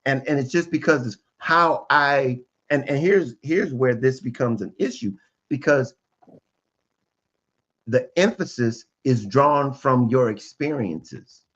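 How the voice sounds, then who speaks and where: A man's voice: mid-range voice, takes it slowly, a bit bright, highs cut off. A man, a guest relationship expert on a podcast, explaining emphatically and restating his points again and again.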